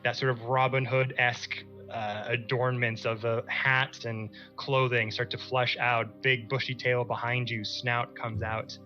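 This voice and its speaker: Man, game master, slow descriptive narration, bright voice, dull lo-fi stream audio with soft music. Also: medium pitch, little pitch movement. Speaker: dungeon master.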